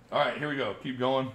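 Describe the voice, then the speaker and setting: Reading viewer questions aloud and chuckling often, a chatty channel host in his forties leads a casual livestream Q&A. His medium-pitched voice is a bit bright, and there's slight background noise.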